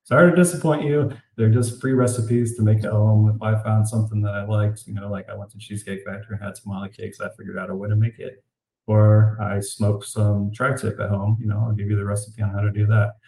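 Animated storytelling man, echoey room. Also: fairly low pitch, fairly quick. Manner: animated, says "like" often, incredulous. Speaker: author guest. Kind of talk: casual storytelling interview. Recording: roomy echo.

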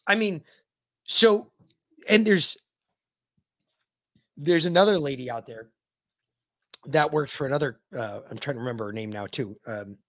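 A man's voice: medium pitch, expressive, a little slow, long pauses, fairly bright tone. An American man co-hosts a casual podcast, telling stories with plenty of swearing. He acts out other people's lines as he goes, in a mid-range voice. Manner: profane storyteller, acts out quotes animatedly. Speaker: podcast co-host. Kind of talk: casual chat.

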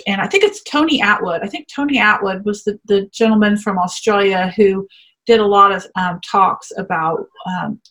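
A woman's voice: medium pitch, fairly bright tone. Woman host in her thirties, chatty and giggly, loose conversational podcast delivery. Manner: chatty, laughs often, many fillers.

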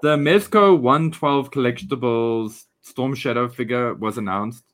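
Man, podcast co-host, casual chat, enthusiastic, rambling, mid-pitched voice. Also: measured pace.

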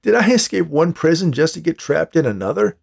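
A man voicing a desperate escaped male convict, pleading and angry, rising to shouts. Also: fairly high pitch, big pitch swings, fairly quick, vocal fry, voice pushed up, exaggerated voice. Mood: incredulous.

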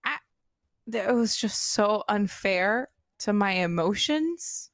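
A woman's voice: mid-range voice, animated, slow, no echo, clean studio sound. A young woman co-hosting a podcast, talking in an emotional, emphatic, rambling way. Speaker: podcast co-host. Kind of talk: casual chat.

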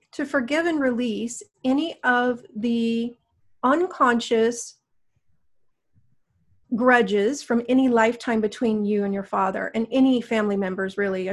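Soothing woman guiding a healing session. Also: a little high. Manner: slow, soothing, coaxing prompts. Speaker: energy healer guiding a session.

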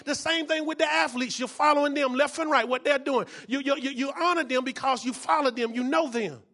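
A pastor preaches a sermon in a very high voice at a brisk pace. He often shouts and repeats phrases, calling out to the congregation for responses.

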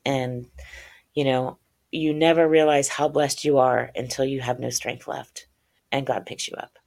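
In a rumbling low, gravelly, slightly mellow voice, a woman author speaks at a measured pace with a level tone. As a podcast guest she shares a deeply personal story, earnest and openly religious, at times tearful, voicing the people in it.

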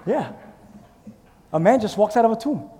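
A male pastor preaching a sermon with animated storytelling, putting questions to the congregation. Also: sits high, normal speed, in a large hall, slight background noise.

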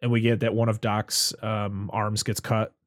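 A man's voice: fairly low pitch, flat delivery, normal speed, no room sound. A man hosting a casual chat, rambling through a movie recap and swearing freely.

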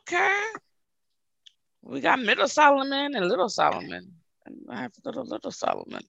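Woman co-hosting a podcast, joking around, bouncy pitch, dry close sound. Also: moderate pace, vocal fry, no echo, lo-fi sound. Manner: animated, joking storyteller. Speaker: podcast co-host. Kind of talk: casual chat.

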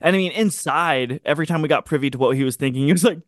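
A man co-hosting a casual book discussion, agreeable and quick to laugh, chiming in with short interjections. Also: on the high side, fairly bright tone, dry recording, studio quality. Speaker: podcast co-host.

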